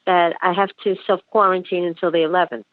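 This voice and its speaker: A middle-aged woman calling in while sick and tired, speaking haltingly with many fillers. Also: fairly low pitch, steady tone, dry recording. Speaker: caller. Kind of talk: phone call. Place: New York. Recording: tinny phone line.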